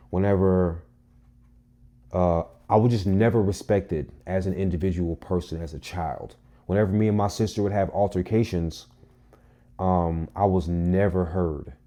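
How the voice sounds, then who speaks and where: A young man with a low, warm, mellow voice tells a personal story straight to camera. He delivers it in a casual, animated way, punching key lines with emphasis and plenty of cursing. It sounds like an everyday vlog monologue. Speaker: vlogger.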